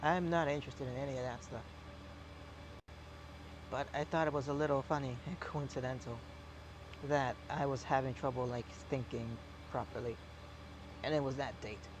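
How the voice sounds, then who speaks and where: A young man streaming a farming game, rambling with deadpan jokes and a sore, scratchy throat. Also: mid-range voice, moderate pace, pauses often. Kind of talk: casual gameplay commentary.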